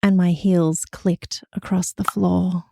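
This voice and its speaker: A woman's voice: lowish voice, level tone, takes it slowly, warm tone, no room sound, studio quality, exaggerated voice. A woman doing a sultry whispered storyteller. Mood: sultry hush. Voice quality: breathy whisper. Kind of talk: whispered role-play.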